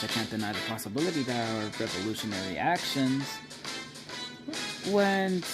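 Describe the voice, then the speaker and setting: A man voicing a glitchy robotic vault management system that makes formal, pompous announcements. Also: a little high. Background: background music.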